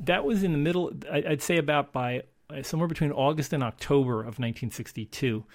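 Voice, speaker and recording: A man's voice: fairly high pitch, fast. Chatty man who restarts his sentences. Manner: rambling with frequent restarts and fillers. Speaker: podcast co-host. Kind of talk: casual chat.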